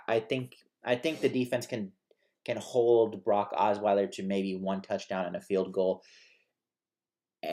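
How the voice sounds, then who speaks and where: Animated stammering sports co-host, a man. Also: fairly low pitch. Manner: animated, stammering restarts, laughs often. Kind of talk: casual sports talk.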